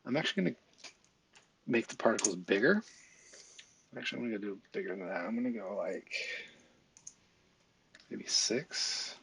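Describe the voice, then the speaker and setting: A man talking through a software tutorial in a casual, think-aloud way, with fillers and small asides as he works. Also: lowish voice, expressive, moderate pace, creaky, long pauses, a little hiss or hum. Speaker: visual effects tutorial instructor. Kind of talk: screen-recorded software tutorial.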